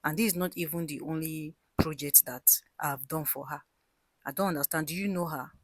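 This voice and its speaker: A woman's voice: sits low, steady tone, normal speed, dry recording. Woman voicing a baffled site engineer. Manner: confused, stammering. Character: puzzled building site engineer.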